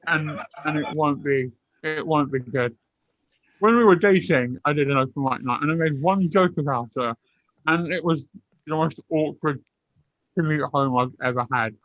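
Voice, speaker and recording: A man's voice: a little high, normal speed, no echo. A man who is a stand-up comedian, chatting in a casual, self-deprecating, joking way over a video call. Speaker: stand-up comedian on a panel show. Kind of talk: casual comic chat. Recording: dull, muffled video call audio.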